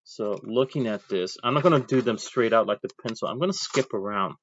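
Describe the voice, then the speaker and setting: Low-voiced man teaching an ink drawing demo. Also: animated, brisk, dull audio, slight background noise. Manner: talks while drawing, thinking aloud, chatty asides. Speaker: art teacher. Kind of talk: casual drawing demonstration.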